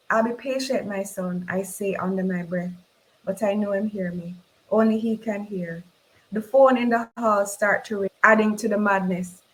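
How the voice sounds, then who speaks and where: A woman's voice: mid-range voice, rough recording. Woman reading fiction in a Jamaican accent. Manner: expressive, voices the characters in dialogue. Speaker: reader. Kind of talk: dramatic novel reading.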